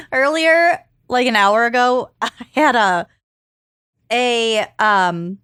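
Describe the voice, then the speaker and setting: A woman's voice: fairly high pitch, animated, very slow, a bit bright, clear, resonant tone, dry recording, clean studio sound. A woman co-hosting a podcast, telling a story in a giggly, casual way. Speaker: podcast co-host. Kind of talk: casual chat.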